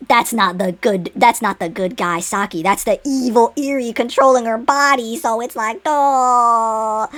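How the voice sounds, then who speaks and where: Rambling young woman vlogger. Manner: rambling, with many fillers and restarts; excitable, with sudden jumps in pitch. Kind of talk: unscripted casual chat.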